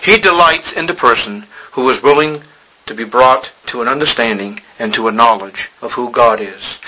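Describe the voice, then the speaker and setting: Bright-voiced preacher man, pleading. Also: mid-range voice, moderate pace, a little hiss or hum, rough recording. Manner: pleading, rising to emphatic exhortation. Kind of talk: sermon.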